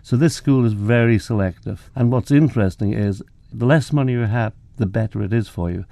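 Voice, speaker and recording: A man's voice: lowish voice, a little fast, vocal fry, mellow, no echo. An older man from England, a photographer and professor, telling anecdotes in an interview and acting out the dialogue. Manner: anecdotal, acts out quoted dialogue, self-deprecating. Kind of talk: relaxed interview storytelling.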